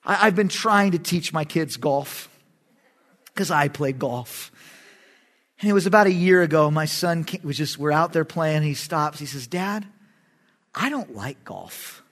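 A middle-aged man, a pastor preaching a sermon in an animated, emphatic way, with sudden loud bursts. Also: on the high side, normal speed.

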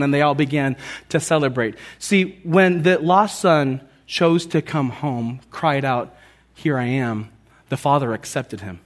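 A man preaching a sermon, telling a parable with lively acted-out lines and dropping soft on key points. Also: normal speed. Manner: animated storytelling, acting out quoted lines with rising pitch. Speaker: pastor.

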